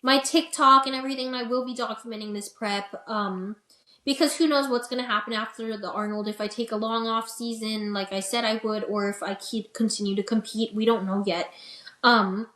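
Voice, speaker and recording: A young adult woman, an interview guest and bikini competitor, telling her story in a chatty, animated way with lots of "like" and "you know". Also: a little high, fairly quick. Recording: roomy echo.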